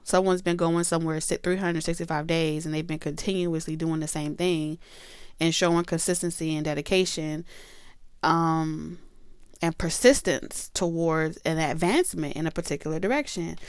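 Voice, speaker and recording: A chatty woman gives a loose tarot reading. She talks in a smooth, low-leaning voice and curses freely while she addresses viewers. The sound is close and dry. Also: fairly even intonation, moderate pace, dry recording. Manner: chatty and emphatic, with swearing and asides to viewers. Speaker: tarot reader.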